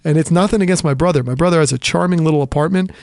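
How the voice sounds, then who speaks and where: A man's voice: on the high side, very fast, vocal fry, darkish tone, no room sound, studio quality. A man hosting a podcast, telling a long story in a rambling, self-deprecating way with lots of fillers and restarts, a little under the weather with a cough. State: sick with a cough. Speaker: podcast host. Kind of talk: casual storytelling monologue.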